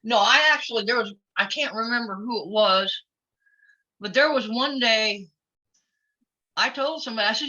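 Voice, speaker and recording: Outspoken woman guest, fairly high bright voice, dull lo-fi sound. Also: normal speed, pauses often. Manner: outspoken and blunt, laughs easily. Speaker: guest, former wrestler. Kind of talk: casual interview chat. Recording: lo-fi audio.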